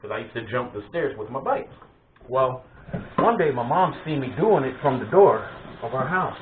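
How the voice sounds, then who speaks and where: A man casually spinning childhood stories for his vlog, animated and quick to laugh, tripping over his words as he goes. The sound is thin and phone-like, with a roomy echo. There is a faint hiss behind him. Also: mid-range voice. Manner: animated, laughing, with frequent restarts. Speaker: vlog host. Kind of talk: casual storytelling of family memories. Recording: tinny phone-like sound in an echoey room.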